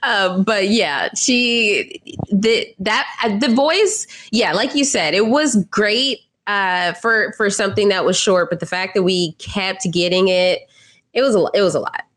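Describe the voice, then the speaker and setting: A woman co-hosts a casual recap podcast, bubbly and quick to laugh. Her talk runs on quickly with lots of fillers. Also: mid-range voice, a bit bright. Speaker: podcast co-host.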